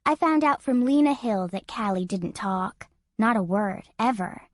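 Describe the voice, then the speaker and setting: A woman's voice: medium pitch, lively intonation, measured pace, dry recording, clean studio sound. A woman narrating an audiobook as a frightened seven-year-old girl, in an earnest, childlike first-person telling. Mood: worried, earnest.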